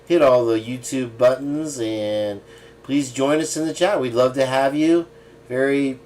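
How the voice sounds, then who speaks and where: A man's voice: medium pitch, darkish tone, slight background noise. Man hosting a live stream, sarcastic. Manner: sarcastic asides between quoted comments, frequent chuckles. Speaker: livestream host. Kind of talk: casual live-stream commentary, reading viewer comments aloud.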